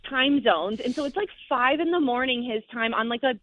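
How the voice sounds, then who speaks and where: High-voiced woman caller on a phone line. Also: a little fast, no echo. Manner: animated, swears freely. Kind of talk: casual storytelling. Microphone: phone call.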